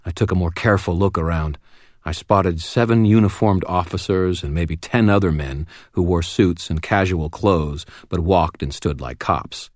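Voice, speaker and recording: A man reads a first-person audiobook in a wry, steady way. His voice sits very low, and the recording is dry and close with no room sound. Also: normal speed, no room sound. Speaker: audiobook narrator.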